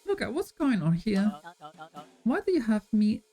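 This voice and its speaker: A woman's voice: a little high, very animated, unhurried, mellow, faint music behind. A woman voicing a flustered older man with folksy, apologetic bluster.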